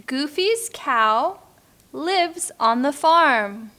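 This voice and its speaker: Woman, high lively voice, very slow careful reading, teacher, picture book for beginners. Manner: slow, clear, with playful animal sounds. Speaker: English teacher reading aloud.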